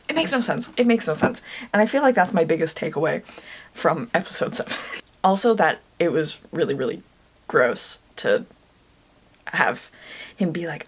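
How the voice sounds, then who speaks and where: A woman's voice: fairly high pitch, very animated, normal speed, husky. A woman from Ireland giving a casual, rambling review monologue, talking herself into a heated rant at times. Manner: chatty, rambling, gets worked up and rants. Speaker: book and TV reviewer.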